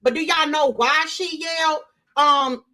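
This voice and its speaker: A woman hosting a casual live-stream, talking straight to her chat in an animated way and repeating her points for emphasis. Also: high-pitched, measured pace. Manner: animated, repeats herself, addresses chat directly. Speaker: livestream host.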